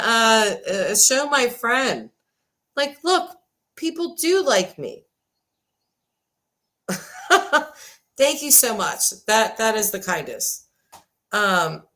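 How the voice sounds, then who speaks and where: A woman in her forties hosting a casual livestream chat, thanking viewers and talking at a desk microphone. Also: mid-range voice. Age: 40s. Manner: chatty, thanking viewers, swings between excited and subdued. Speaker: livestream host. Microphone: desk microphone, sometimes glitchy.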